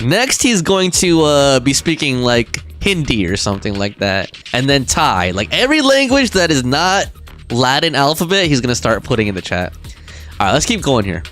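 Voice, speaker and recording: A man's voice: medium pitch, a bit bright. A man streaming a video game, chatting casually with his viewers in a playful way and laughing often. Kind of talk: casual live-stream commentary. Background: game music.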